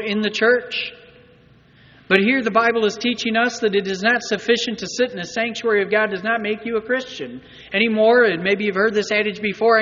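A man preaches a sermon to his congregation in a high, sharp-edged voice. He talks conversationally and keeps asking the room rhetorical questions. The recording is muffled, and his voice carries a long reverb through a church sanctuary. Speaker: pastor.

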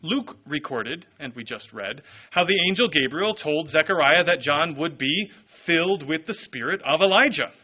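Animated preaching man, bright and husky. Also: moderate pace, highs cut off. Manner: animated storytelling preacher, expressive swings in pitch. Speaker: pastor. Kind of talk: sermon.

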